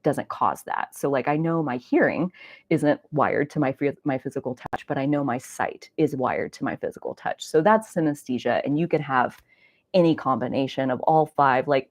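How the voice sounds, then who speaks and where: A woman with a low voice, rambling through a personal story full of "like" and the odd swear word. The sound is dry and close. She talks casually to her listeners as the host of her own show. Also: dry recording. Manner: rambling, animated storytelling with frequent "like" and mild swearing. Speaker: astrology podcast host. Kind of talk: casual solo chat.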